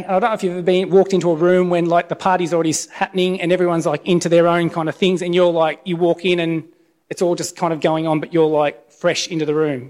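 Middle-aged male preacher, slightly raised voice, casual testimony sermon, checks in with "okay?". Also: high voice. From Australia. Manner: conversational, tags lines with "okay?". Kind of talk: informal sermon with personal testimony.

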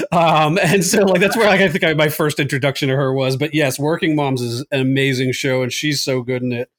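A man recapping a movie in casual podcast chat, animated, laughing often and full of fillers. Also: a little high, normal speed. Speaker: podcast co-host.

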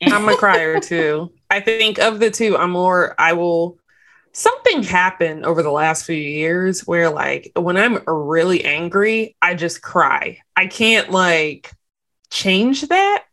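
A woman hosting a podcast, chatting candidly with quick asides. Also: lowish voice, lively intonation, fairly bright tone. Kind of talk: casual podcast chat.

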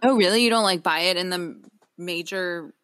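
A woman's voice: fairly low pitch, moderate pace, fairly bright tone, dry recording. A young woman co-hosting a podcast, chatting casually and rambling, often interrupting herself mid-sentence. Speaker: podcast co-host. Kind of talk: casual chat.

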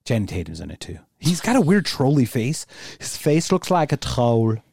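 A man's voice: mid-range voice, big pitch swings, normal speed, vocal fry, darkish tone, slightly rough, dry recording, clean studio sound. A man co-hosting a podcast, chatting casually with rambling, crude jokes. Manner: joking, rambling, crude humor. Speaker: podcast co-host. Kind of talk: casual chat.

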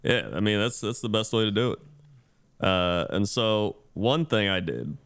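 A man's voice: fairly low pitch, lively intonation, unhurried, a bit bright, clean tone. A man co-hosting a casual podcast, laid-back, mostly giving short reactions. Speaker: podcast co-host.

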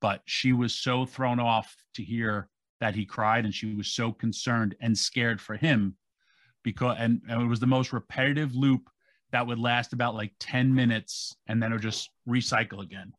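A man's voice: medium pitch, moderate pace, no room sound. A man with a mid-range voice recorded close and dry, talking on a podcast. He tells the story with energy and slips into the voices of the people in it. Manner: animated, acting out quotes. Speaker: podcast co-host. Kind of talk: casual storytelling.

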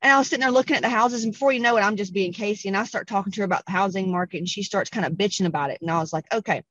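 A woman's voice: medium pitch, very fast, no echo, dull audio. Blunt, profane Southern woman host. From American South. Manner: blunt, profane, animated, puts on voices for quotes. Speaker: podcast host. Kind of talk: casual storytelling monologue.

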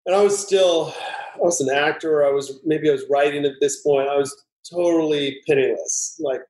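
In a recording with a roomy echo, a middle-aged screenwriter guest with a fairly high voice tells a story casually at a moderate pace. He's animated and acts out the voices in his anecdotes.

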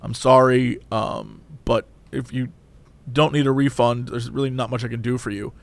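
A man voicing a nervous young male fast-food worker who answers hesitantly and apologetically. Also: medium pitch, fairly even intonation, voice pushed down, natural voice. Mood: sheepish.

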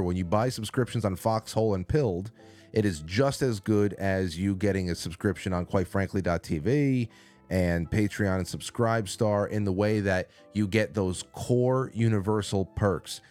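Deep-voiced man hosting a live call-in show. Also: normal speed, darkish tone, soft background music. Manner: rambling, reads chat names aloud, swears casually. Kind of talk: casual live-stream chat. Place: small studio. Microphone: studio mic.

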